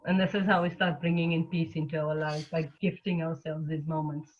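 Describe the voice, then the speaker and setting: A woman teaching a loving-kindness meditation class, speaking gently and slowly in a soothing way. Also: sits low, level tone. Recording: lo-fi phone-like audio.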